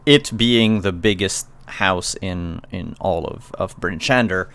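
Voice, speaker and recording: Slow-talking male game master. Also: sits low, fairly bright tone. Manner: hesitant, full of ums and restarts. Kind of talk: narrating a tabletop game. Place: home streaming setup.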